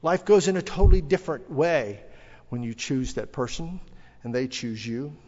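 A man's voice: medium pitch, normal speed, darkish tone. A middle-aged man preaching a sermon, speaking earnestly and rising with emphasis when he quotes scripture. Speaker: pastor. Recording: dull lo-fi audio with long hall reverb.

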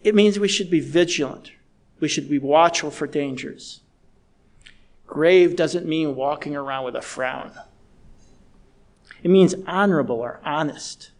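A middle-aged man preaching a sermon in a measured, earnest way, slowing down to stress key words. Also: high-pitched, darkish tone. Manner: measured, earnest, slows down for emphasis.

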